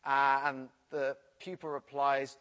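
A man's voice: medium pitch, slow pace, smooth. A man from the English Midlands with a Midlands accent, preaching and telling a personal story from his school days. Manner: storytelling, animated retelling.

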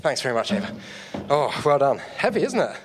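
A man's voice: medium pitch, big pitch swings, brisk, a little hiss or hum. A man preaching a sermon on stage, telling a story with props and chatty asides to the audience. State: out of breath. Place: church hall stage. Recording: long hall reverb.

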